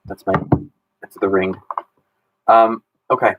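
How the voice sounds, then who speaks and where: A man's voice: lowish voice, fairly even intonation, slow pace, phone-quality sound, noisy background. A man in his thirties, a history teacher running a casual exam review Q&A and talking in a chatty way with many ums and restarts.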